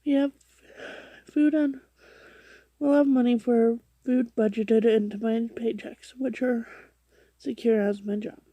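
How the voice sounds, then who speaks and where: A woman reading a forum post aloud, halting and often stumbling, restarting words and correcting herself. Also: a little high, dark tone, no echo. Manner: drops to a whisper for her own asides. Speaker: reader of online posts.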